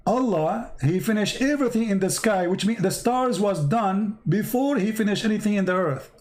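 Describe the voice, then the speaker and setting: Man, high-pitched, hoarse, insistent live stream debater, repeats questions. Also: normal speed, darkish tone, rough recording. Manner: insistent, repeats his questions, reads verses aloud. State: losing his voice.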